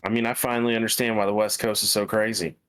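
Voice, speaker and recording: A man's voice: lowish voice, level tone, fast, a bit bright, clean tone, dry recording. A man chatting during a co-op game with laid-back, dry remarks. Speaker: co-op player. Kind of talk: casual game chat.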